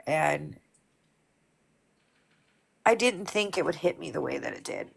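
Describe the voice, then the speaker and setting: Candid woman in her forties, gravelly. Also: sits low, animated. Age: 40s. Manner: candid, emotional, speaks haltingly. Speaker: guest on a live stream. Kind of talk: personal conversation.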